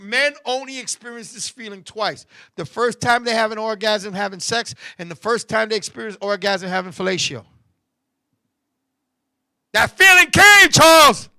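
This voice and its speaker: A man hosting a comedy show, telling a crude story loudly and animatedly, laughing often and putting on voices to quote people. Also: extremely high pitch, normal speed, clear, resonant tone. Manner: crude and profane; puts on voices to quote others. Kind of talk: comic storytelling to co-hosts.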